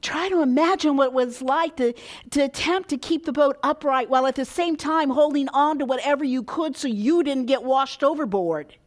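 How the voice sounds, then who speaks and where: A woman's voice: high voice, normal speed. A woman preaching a sermon, dramatic, dropping to a whisper and rising for emphasis.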